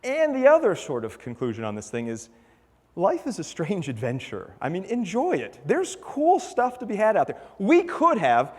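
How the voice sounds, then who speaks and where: A man giving a conference talk, telling a story in an animated way and acting out the voices of the people in it. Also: high-pitched, normal speed, breathy edge, long reverb tail. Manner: animated, acts out quoted voices. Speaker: conference speaker.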